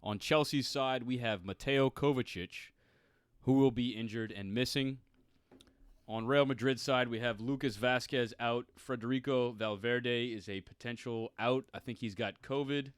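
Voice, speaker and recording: A man's voice: mid-range voice, moderate pace, clean tone, no room sound. A man co-hosting a casual soccer podcast, joking around and rattling off team news with hype. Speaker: podcast co-host.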